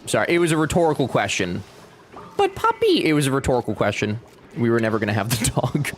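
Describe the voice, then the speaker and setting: Young male streamer, lively banter, animated pitch, faint background hiss. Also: fast. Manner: chatty, joking, talks back to chat. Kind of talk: casual live-stream chat.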